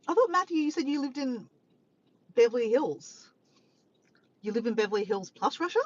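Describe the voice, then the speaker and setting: A woman's voice: a little high, animated, normal speed, lo-fi sound. A woman chatting casually on a live stream from her car by the beach, reading viewer comments, laughing and teasing playfully.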